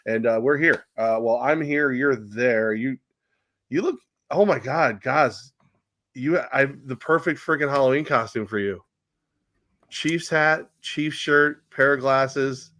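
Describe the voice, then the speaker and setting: A male sports talk host who teases his co-host and rambles through his points with fillers. His voice sits at a middle pitch and is recorded close and dry. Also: a little slow, bright, forceful tone, dry recording. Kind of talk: casual sports chat.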